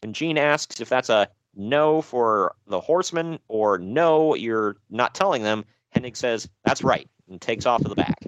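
A man's voice: mid-range voice, unhurried, few pauses, clear, resonant tone, dry recording, low-quality recording. A man co-hosting a podcast, recapping and joking in loose casual chat. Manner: animated, jokey, loose. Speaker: podcast co-host.

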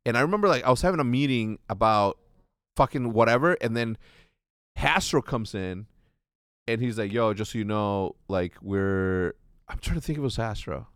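A man in casual podcast chat, swearing freely as he acts out a story. His voice sits at a middle pitch. The sound is dry and close. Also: a little fast, no room sound. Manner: profane, animated retelling with acted quotes. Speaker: podcast host, former pro gamer.

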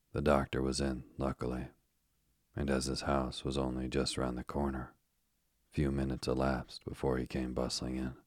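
A man reading a story aloud in the first person, in a measured, steady voice. His voice is extremely deep and almost monotone. The recording is close and dry. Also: no room sound. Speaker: audiobook narrator.

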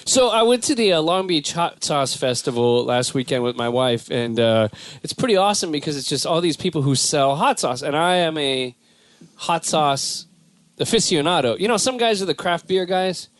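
A man's voice: a little high, moderate pace, dry recording. A young man from Southern California hosting a casual comedy podcast, rambling and slipping into silly impressions. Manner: rambling, animated, slips into silly put-on voices. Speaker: podcast host.

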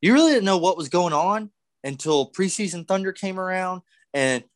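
A young man with a fairly high voice, chatting as a podcast co-host. He tells excitable stories, shouts out bits of them and swears freely, recorded dry and close. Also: normal speed, dry recording. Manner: excitable storyteller, loud acted-out yells, swears freely. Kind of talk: casual chat.

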